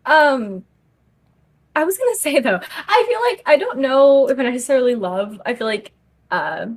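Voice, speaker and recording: A young woman with a slightly high voice co-hosts a casual podcast. She talks in slang and laughs often, and she keeps the chat animated. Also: unhurried, pauses often. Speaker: podcast co-host.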